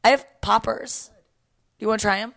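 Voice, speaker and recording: A woman's voice: a little high, steady tone, moderate pace, gravelly, a bit bright, dry recording, clean studio sound. A young woman hosting a podcast from her apartment couch, chatting casually, laughing and swearing freely. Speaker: podcast host.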